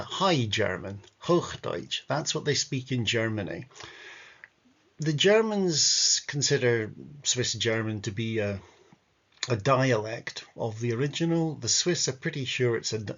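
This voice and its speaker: Wry guy narrating travel pics, gravelly, rambly, bit lo-fi. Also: mid-range voice. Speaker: travel guide vlogger. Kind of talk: casual travel commentary over photos. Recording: dull lo-fi audio.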